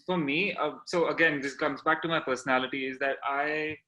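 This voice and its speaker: A young man from India, a guest on a podcast, speaking in casual chat. He talks in a reflective, measured way, with hesitant pauses. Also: fairly high pitch, fairly even intonation, sharp tone, muffled recording. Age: young adult.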